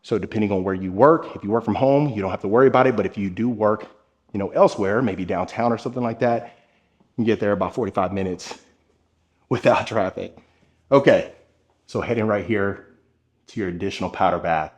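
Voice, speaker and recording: Speaking briskly in a slightly low voice, a man gives an enthusiastic home tour of a large house, addressing the audience directly. The sound comes from the handheld camera he carries between rooms.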